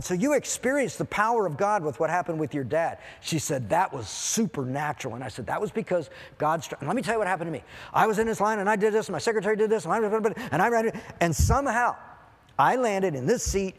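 Animated male preacher in a reverberant hall. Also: high voice. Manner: animated, acts out dialogue in quoted voices. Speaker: pastor. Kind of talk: sermon storytelling.

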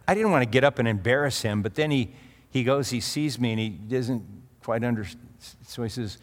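A middle-aged male pastor delivers a sermon built around a personal anecdote, talking conversationally with asides and restarts as the story unfolds. His mid-range voice moves a little fast, and the recording carries the long reverb of a large hall.

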